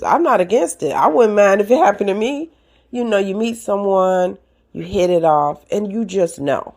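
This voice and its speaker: A seasoned woman hosting an advice podcast, talking straight to her listeners in an animated, preachy way. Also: medium pitch, moderate pace. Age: older. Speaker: podcast host. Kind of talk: casual advice talk.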